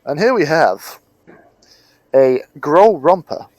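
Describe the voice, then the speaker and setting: A man's voice: on the high side, expressive, takes it slowly, a little mellow, dry recording, low-quality recording. A man playing a tabletop game, chatty and good-humoured. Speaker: player. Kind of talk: casual tabletop play.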